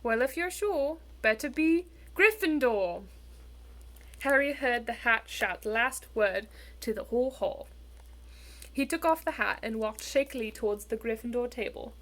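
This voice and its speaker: A woman's voice: on the high side, fairly bright tone. Woman reading a storybook aloud. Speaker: audiobook reader. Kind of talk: storybook narration.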